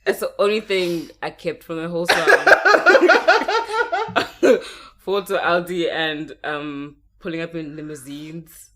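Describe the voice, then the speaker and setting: A woman's voice: on the low side, huge pitch swings, takes it slowly, crowd noise. A young South African woman with a South African accent co-hosting a casual podcast chat, laughing often and telling stories with acted quotes. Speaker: podcast co-host.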